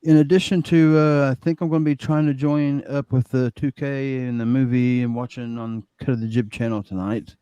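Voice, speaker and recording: A man casually lists his upcoming shows, easygoing with some hesitation. His tone is mellow and dark, recorded close and dry. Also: mid-range voice, steady tone, normal speed, few pauses, clear, resonant tone, no room sound, muffled recording. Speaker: guest podcaster. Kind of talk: casual chat, plugging shows.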